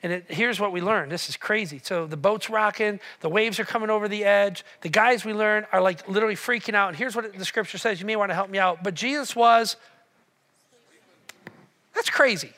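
A man preaching a sermon, telling the story with animated swings between loud and hushed delivery. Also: high voice, brisk. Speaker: pastor.

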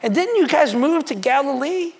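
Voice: high voice, lively intonation, normal speed, voice pushed up. A preacher voicing a skeptical hometown crowd, firing incredulous, mocking questions in a slightly raised voice.

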